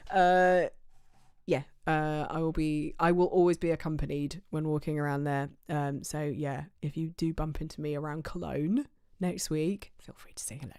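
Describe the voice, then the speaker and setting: Low-voiced English woman chatting on stream. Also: little pitch movement, normal speed, darkish tone, clear, resonant tone, no echo, clean studio sound. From England. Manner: chatty, rambling, many fillers and restarts. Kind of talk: casual livestream chat.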